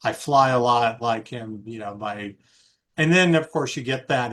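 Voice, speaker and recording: This man co-hosts a podcast and chats casually, rambling along with frequent fillers and restarts. He speaks in a mid-range voice that is a bit bright, and he takes his time.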